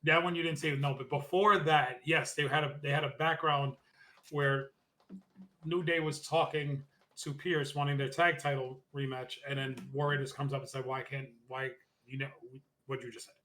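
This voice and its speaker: A man with a slightly high, flat-pitched, sharp voice co-hosts a podcast, recapping a wrestling show in casual chat. He rambles, tosses in quick asides, and mock-quotes the wrestlers.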